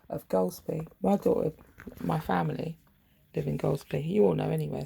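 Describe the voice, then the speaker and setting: A middle-aged woman vlogging in a rambling, profane, sardonic monologue with a gravelly, husky voice. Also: sits low, darkish tone. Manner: profane, sardonic, wandering storytelling.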